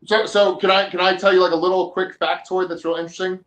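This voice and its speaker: A man's voice: high-pitched, fast talker, noisy background. A man co-hosting a podcast, chatting casually. He swears a lot and jokes as he tells stories. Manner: profane, joking, animated storytelling. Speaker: podcast co-host. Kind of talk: casual chat. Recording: echoey room.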